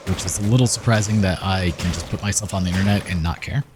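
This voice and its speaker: A man hosting a gaming channel, chatting in a relaxed, rambling way as he comments over gameplay. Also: low voice, fast, background noise. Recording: game music playing behind. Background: game music.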